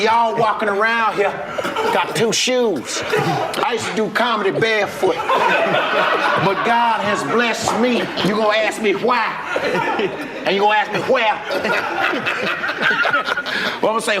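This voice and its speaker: A man doing an impression of a boastful comedian and host, with drawling, preachy punchlines. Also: high voice. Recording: loud background noise.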